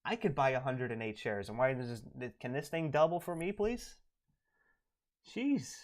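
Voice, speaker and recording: A man at a mid-level pitch talks through a live trading stream in a loose, casual way. He thinks out loud as he goes, and his voice sinks into quiet mumbles when he trails off. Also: lively intonation, brisk.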